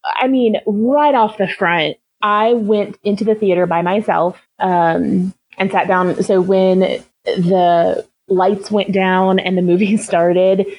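A woman's voice: mid-range voice, steady tone, slow, darkish tone, low-quality recording. A young woman co-hosting a podcast, chatting casually with lots of fillers and frequent laughs. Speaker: podcast co-host. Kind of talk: casual chat.

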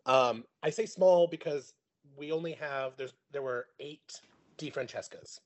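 A man's voice: fairly high pitch, a little slow. A man talking as a guest on a podcast, telling family stories in casual chat, acting out what other people said and laughing often. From Sicilian family heritage. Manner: animated storyteller, acts out quoted people, laughs often.

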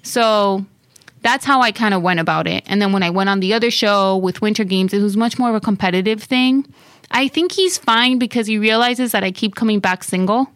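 A woman's voice: mid-range voice, a little fast, smooth, no room sound. A young woman with a Miami accent, chatting casually as a guest and acting out quoted lines in her stories. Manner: animated storyteller, acts out quotes. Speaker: podcast guest. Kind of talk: casual chat.

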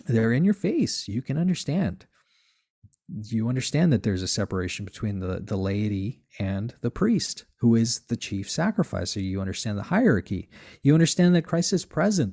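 A man's voice: lowish voice, sing-song, moderate pace, gravelly, dark tone. A male guest in a casual conversation on faith, explaining earnestly and with emphasis.

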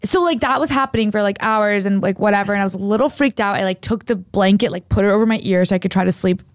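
A woman's voice: medium pitch, fast, no echo, studio quality. A young woman casually telling a long story on a podcast, rambling and filling her speech with "like". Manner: rambling, heavy use of "like", animated retelling.

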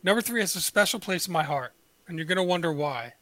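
Bright-voiced man running a casual chat. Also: sits high, lively intonation, fast. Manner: rambling, swears freely. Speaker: podcast host.

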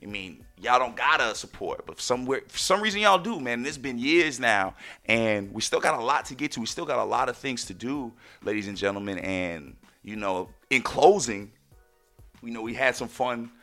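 A man hosting a podcast, telling stories in a casual monologue with loud, excited exclamations, and addressing listeners as "ladies and gentlemen". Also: medium pitch, normal speed, soft background music. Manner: animated storyteller, bursts into loud excited exclamations. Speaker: podcast host.

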